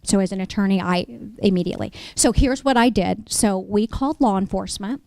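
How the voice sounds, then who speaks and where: A woman's voice: medium pitch, a little fast, darkish tone, no room sound. A middle-aged woman, a real estate attorney, lectures an audience through cautionary stories and keeps checking in with "okay?".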